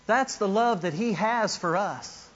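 A man's voice: sits high, unhurried, dull audio. A man preaching a sermon, emphatic and repetitive, with asides to the congregation. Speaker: pastor.

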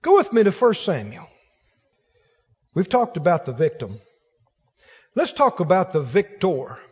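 A man's voice: high-pitched, a little slow, slightly rough, in a large hall, highs cut off. A man preaching a sermon as pastor, acting out the voices of the people in his stories. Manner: animated preaching, acts out quoted voices.

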